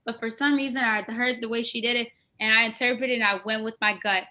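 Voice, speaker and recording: A woman's voice: fairly high pitch, fairly even intonation, fast, sharp tone, slight background noise. A woman actress from West Africa, telling stories from her career in a casual, enthusiastic interview. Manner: enthusiastic, storytelling, restarts often.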